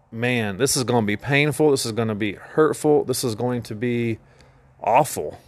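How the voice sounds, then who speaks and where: A man's voice: medium pitch, dry recording. Earnest man teaching on a dry podcast. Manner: earnest, emphatic preaching delivery. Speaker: podcast host.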